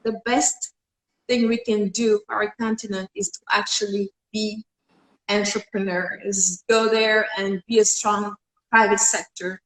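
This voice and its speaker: A young woman from Senegal talks as an interview guest, earnest and full of conviction, pausing on a few fillers. Her voice sits at an ordinary middle pitch. The livestream audio carries a roomy echo. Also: little pitch movement. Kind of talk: casual interview talk.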